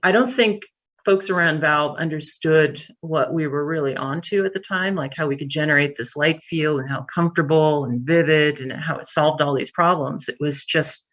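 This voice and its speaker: A woman who runs a tech company, telling a story in an interview, candid and animated, with fillers. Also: low voice, normal speed, dull audio.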